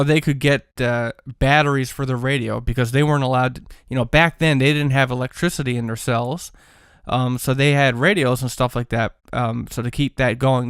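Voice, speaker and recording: A man's voice: mid-range voice, smooth, no room sound, clean studio sound. A man telling a paranormal story in a casual, rambling way, full of fillers and restarts.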